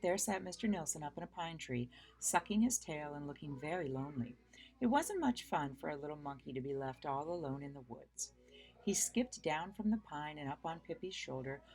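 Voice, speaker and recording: Woman reading a children's story, lower voice. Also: expressive, breathy edge. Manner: unhurried, friendly storytelling with casual asides. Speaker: reader. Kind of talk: reading aloud a children's book.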